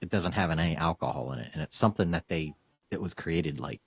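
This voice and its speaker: A man's voice: very deep voice, fast talker, vocal fry, slightly rough, no echo. A man hosting a casual interview, rambling with fillers and laughing often. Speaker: podcast host.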